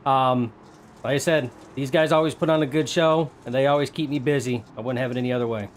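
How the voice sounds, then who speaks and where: A man on a sim racing broadcast who runs the cameras, chatting about the show in a relaxed, easygoing way. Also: mid-range voice, fast, slight background noise. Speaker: broadcast camera operator and co-commentator. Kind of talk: casual commentary chat.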